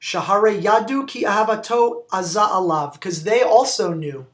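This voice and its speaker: A man's voice: high-pitched, normal speed, fairly bright tone. A man, a rabbi, giving a Torah study talk, reading Hebrew quotes and explaining them in English with questions to his listeners. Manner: reads Hebrew quotations aloud.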